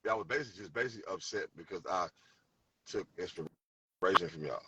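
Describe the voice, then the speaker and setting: A man's voice: sits low, fairly quick, dull audio, a loud crowd. A man with a St. Louis accent, a rapper, talking in a laid-back, repetitive way during a debate. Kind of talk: debate conversation.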